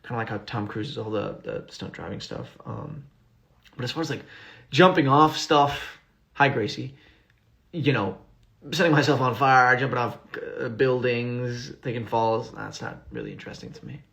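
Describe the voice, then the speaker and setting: A man answers fan questions on a phone livestream, reading each one out before replying. His voice sits in a middle range with a gravelly fry at the bottom. He talks loosely, with plenty of ums and restarts. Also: mid-range voice, expressive, normal speed, fairly bright tone. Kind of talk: casual livestream Q&A.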